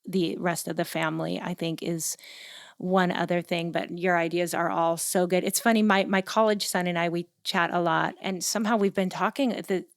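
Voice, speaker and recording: A woman's voice: lowish voice, fairly even intonation, moderate pace, no echo, clean studio sound. A woman in her forties hosting a podcast, chatting casually and telling stories from her own home. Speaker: podcast host.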